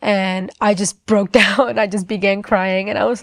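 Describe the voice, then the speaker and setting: A young adult woman shares her personal faith testimony in an earnest, halting manner. She often stops and restarts, with frequent casual fillers. Her voice sits at a middle pitch and is recorded dry, with no room sound. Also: fairly even intonation, creaky, dry recording.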